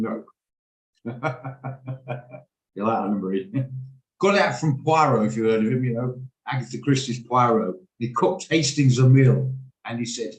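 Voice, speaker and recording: This trading room host speaks at medium pitch and a normal speed, teaching a live trading session over video from his home office. He explains the orders he places and checks in with participants by name, all captured in poor-quality, roomy-sounding audio.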